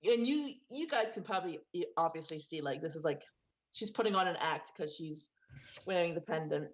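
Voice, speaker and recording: A woman's voice: sits low, expressive, brisk. Rambling woman game master, muffled mic. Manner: casual, rambling with many fillers. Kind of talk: narrating a tabletop game.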